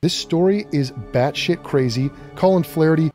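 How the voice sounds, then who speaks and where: A man's voice: fairly high pitch, moderate pace, music in the background. A man hosting a talk show, delivering a mocking, profane and emphatic commentary rant. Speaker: radio show host.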